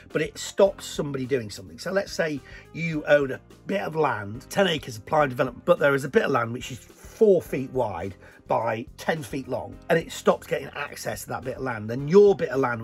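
Gravelly, chatty man from the north. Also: mid-range voice. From northern England. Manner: chatty, animated, jokey asides. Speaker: presenter answering viewer questions. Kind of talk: casual Q&A chat.

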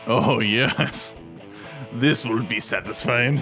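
Man puts on a brutish, menacing game gunner, slow and low, over loud game music. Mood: gloating.

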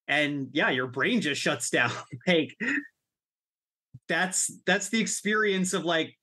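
A man co-hosting a casual book discussion podcast, animated and laughing often, with some swearing. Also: a little high, slow pace. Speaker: podcast co-host.

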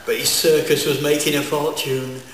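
A deadpan man recites comic verse live on a festival stage, his voice sitting a little high. A distant mic catches him in a very echoey hall, with faint audience sound behind. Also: moderate pace, a little hiss or hum. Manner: deadpan, wordplay-laden delivery. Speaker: comic poet.

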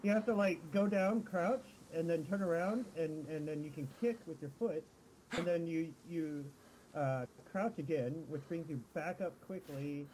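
A man's voice: a little high, moderate pace, background noise. A man casually explaining game controls to a friend, hesitant and restarting his sentences. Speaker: fellow player. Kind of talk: casual explanation over voice chat.

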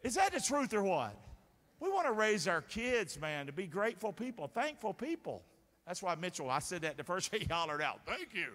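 Male pastor, high and lively voice, call-and-response preaching, echoing sanctuary. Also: a little fast. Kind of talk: sermon. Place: church sanctuary. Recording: reverberant sanctuary sound.

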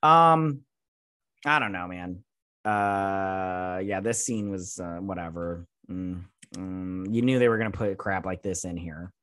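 A man's voice: sits low, slow, a bit bright, dry recording. A man casually recapping and reviewing a TV episode, rambling with lots of fillers and sarcastic asides. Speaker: show reviewer.

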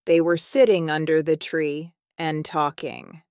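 Slow, clear woman storyteller. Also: sits low, fairly even intonation, a little mellow, no echo, clean studio sound. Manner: slow, careful, clearly pronounced reading. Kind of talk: scripted storybook narration for English learners.

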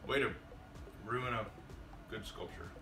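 A man's voice: lowish voice, a little slow, sharp tone. A man chatting casually through a workshop tutorial, rambling and self-deprecating. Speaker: maker vlogger. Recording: roomy workshop audio, distant mic, music underneath.

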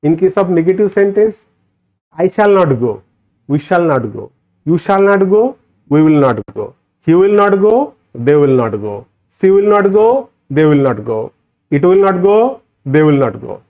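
A man with an Indian English accent teaching a grammar lesson, drilling sentence patterns slowly with rising emphasis. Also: fairly high pitch, big pitch swings, darkish tone. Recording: dull lo-fi recording.

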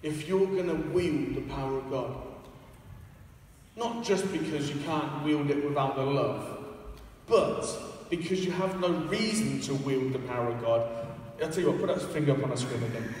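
A man's voice: a little high, normal speed, a little mellow, a little hiss or hum. A man preaching a casual, joking, self-deprecating sermon in a church. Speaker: evangelist preacher. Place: church hall. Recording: echoey hall, far from the mic.

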